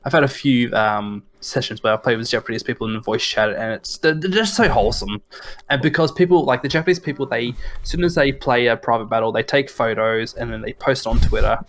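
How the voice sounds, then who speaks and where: A man's voice: medium pitch, brisk, fairly bright tone, a little hiss or hum. A young Australian man co-hosting a casual podcast chat, telling stories in a rambling, stop-start way. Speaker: podcast co-host.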